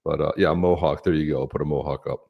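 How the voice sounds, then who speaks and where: A man's voice: rumbling low, fairly even intonation, fast, creaky, dull audio. A man co-hosting a live stream, chatting casually and upbeat, greeting viewers by name. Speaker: podcast co-host.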